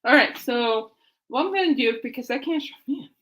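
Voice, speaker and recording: Excitable rambling woman podcast host. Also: a little high, moderate pace. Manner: rambling, excitable, trails off and restarts. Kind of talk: rambling casual chat.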